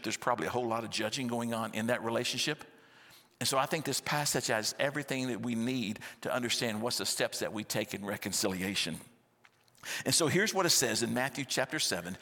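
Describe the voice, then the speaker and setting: A man, preaching a sermon in a lively, conversational storytelling style with rhetorical questions, in a church sanctuary. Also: mid-range voice, vocal fry. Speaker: pastor. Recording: long church-hall reverb.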